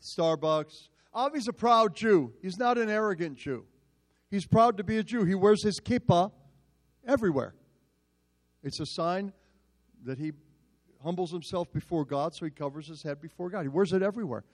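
Animated self-mocking male pastor. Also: high-pitched, moderate pace. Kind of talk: storytelling sermon.

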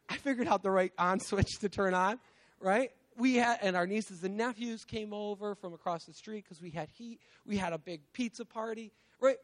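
A man's voice: high voice, a bit bright. A man in his thirties, who has young children, giving a casual, conversational sermon, peppering it with "like" and "right?" and laughing at himself. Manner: conversational, lots of "like" and "right?", self-mocking laughs. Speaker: guest preacher.

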